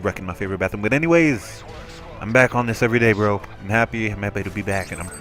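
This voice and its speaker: A man telling a rambling story in casual gameplay commentary, animated and full of restarts. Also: on the low side, fast, faint music behind.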